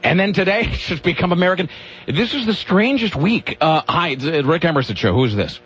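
Wisecracking husky-voiced radio host man. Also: a little high, fairly quick. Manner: wisecracking, sarcastic, animated. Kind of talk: comedic talk radio banter. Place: radio studio. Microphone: studio mic. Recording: dull lo-fi radio broadcast.

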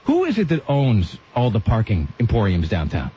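A man's voice: lowish voice, normal speed, a little hiss or hum. A man hosting a radio show, telling rambling stories with lots of asides in casual on-air banter. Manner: rambling, animated storytelling with asides. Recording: dull lo-fi radio sound.

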